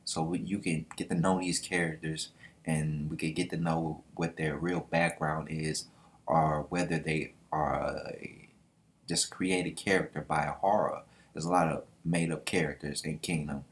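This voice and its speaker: A man hosting a casual manga reaction vlog, excited and slangy, swearing freely. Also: extremely low pitch. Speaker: manga reaction channel host.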